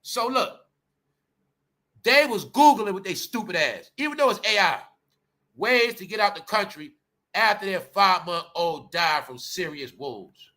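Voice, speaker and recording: A man, ranting bluntly on his commentary channel, jumping from loud outbursts to low mutters. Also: expressive, measured pace. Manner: loud, blunt and swinging between shouting and muttering.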